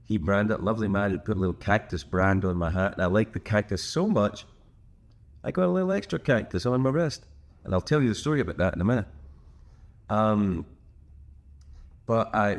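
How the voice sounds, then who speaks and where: A deep, low-pitched older man with a Scottish accent talks to camera from a hotel room. His delivery is loose and conversational, wandering into jokes and side remarks and restarting his sentences as he goes. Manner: rambling, joking, full of asides and restarts. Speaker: host. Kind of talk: casual solo chat to camera.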